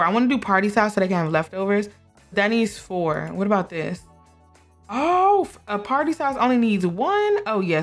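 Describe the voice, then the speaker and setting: A young woman chatting through a life sim game, talking to her characters and laughing often. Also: mid-range voice. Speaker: gameplay streamer. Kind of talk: casual gameplay commentary.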